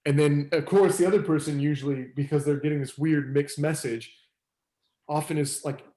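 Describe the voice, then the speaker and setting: A man facilitating a circling group, talking in a relaxed, rambling way with many fillers and laughs. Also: fairly high pitch, normal speed, echoey room. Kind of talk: casual teaching talk.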